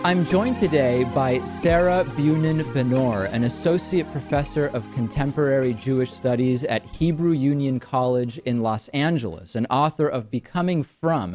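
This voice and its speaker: A man hosts a talk show with a dark, mellow tone. His questions come brisk and conversational, with small restarts as he thinks aloud. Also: medium pitch. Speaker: show host. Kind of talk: political talk show interview.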